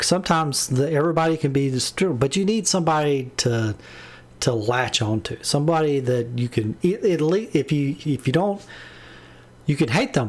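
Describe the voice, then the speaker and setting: A man giving a casual spoken book review, rambling with many restarts and fillers, plainly exasperated. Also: mid-range voice.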